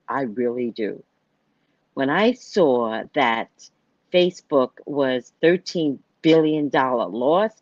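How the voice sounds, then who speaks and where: A woman's voice: very deep voice, dry recording, highs cut off. A woman hosting a psychic livestream in a casual monologue, blunt and given to cursing. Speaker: psychic host of a live show.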